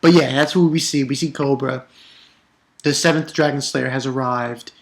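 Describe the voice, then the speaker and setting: A man giving a casual spoken review of a manga chapter, ranting with exasperation and stumbling over repeated words. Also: gravelly. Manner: animated, exasperated ranting with sudden pitch jumps; halting, with frequent repeated words.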